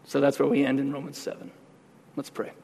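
A man's voice: medium pitch, completely flat delivery, a little fast, dark tone, long reverb tail. A man pastor giving a sermon, talking conversationally and then building to emphatic outbursts.

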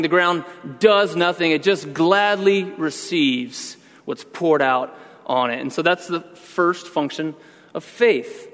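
A man's voice: a little high, a bit bright, long reverb tail. A man preaching a sermon with earnest emphasis, teaching through rhetorical questions. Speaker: pastor.

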